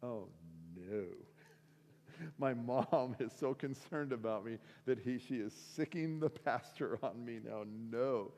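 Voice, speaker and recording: A man giving a sermon testimony, telling his story in an animated way and acting out the conversations. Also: medium pitch, slow, in a large hall. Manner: animated storytelling, acts out dialogue. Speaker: guest speaker. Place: school auditorium.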